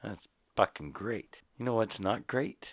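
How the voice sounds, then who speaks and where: On a tinny lo-fi recording, a male podcast co-host with a lowish voice and measured pace banters casually. He is boisterous and profane, laughing often and ranting.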